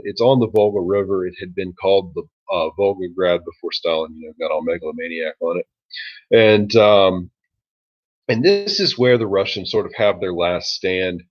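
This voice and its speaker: A low-pitched man lecturing his history class, loose and joking, filling his pauses with ums and uhs. The recording is dull and lo-fi. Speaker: history teacher.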